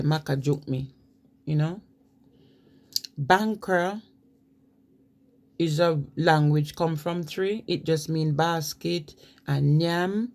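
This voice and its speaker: A woman's voice: deep voice, darkish tone. Jamaican woman giving a chatty lecture. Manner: conversational, reads from notes with frequent fillers. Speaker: presenter on language. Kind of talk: informal spoken lecture.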